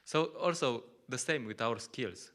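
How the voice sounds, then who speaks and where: A man's voice: medium pitch, lively intonation, a little slow, a bit bright. A man with Slovenian as his first language giving a conversational scripture class in English, often laughing and acting out little quotes. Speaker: lecturer at a temple.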